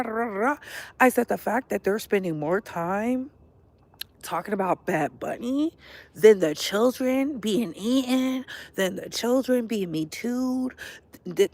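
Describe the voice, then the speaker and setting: Brief: woman, vlog host, fired-up casual commentary, repeats lines for punch. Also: mid-range voice. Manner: animated, indignant, slangy, with emphatic repetition. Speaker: political commentary vlogger.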